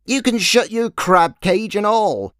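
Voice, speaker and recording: A man's voice: high-pitched, animated, takes it slowly, a bit bright, clear, resonant tone, no room sound, studio quality, voice pushed up, heavily acted. A man voicing a bossy, nagging fisherman's wife in a storybook reading. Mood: scolding. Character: shrill scolding fisherman's wife.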